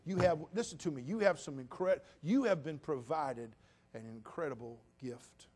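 A pastor preaches to his congregation in a fairly high male voice. He drops into soft, confiding asides, then rises into loud, repeated, emphatic lines. His talk stays direct and personal. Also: normal speed. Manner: swings from quiet confiding to loud preaching bursts. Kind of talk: sermon. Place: church.

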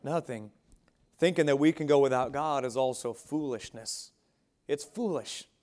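A man preaching a sermon as pastor, swinging between quiet, soft asides and loud, raised exclamations. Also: medium pitch, moderate pace.

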